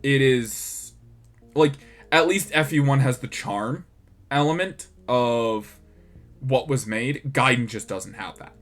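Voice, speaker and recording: A man in a relaxed gaming chat, talking in long rambling stretches and restarting his sentences often. His voice sits at an ordinary middle pitch. Faint music plays softly behind him. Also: slow pace. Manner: rambling, with many restarts and laughs. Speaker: podcast co-host.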